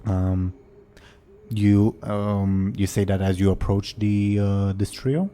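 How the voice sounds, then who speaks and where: A man narrating as game master in a tabletop role-play game, relaxed and full of fillers. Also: on the low side, slow pace, slight background noise.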